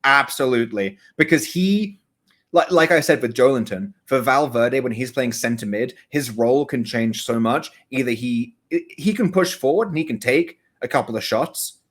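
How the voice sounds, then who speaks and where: A man's voice: medium pitch, expressive, moderate pace. A man co-hosting a casual podcast chat, rambling and correcting himself mid-sentence, often laughing. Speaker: podcast co-host. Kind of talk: casual chat about soccer betting.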